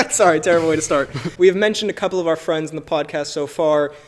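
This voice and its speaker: A man's voice: on the high side, quick pace. A man co-hosting a podcast in casual chat at a friend's home, joking and laughing often. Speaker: podcast co-host.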